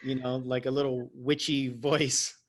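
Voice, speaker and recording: A man's voice: mid-range voice, little pitch movement, measured pace. A man who works as a life coach, telling a story in a casual, self-mocking way and laughing often.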